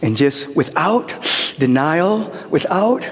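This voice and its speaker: A pastor preaching to his congregation, his voice leaping high into near-shouts and sinking into breathy whispers. The tone is a bit husky. A long reverb from the church hall trails each phrase. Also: big pitch swings, slow pace. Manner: swings from soaring shouts to hushed whispers. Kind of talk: sermon.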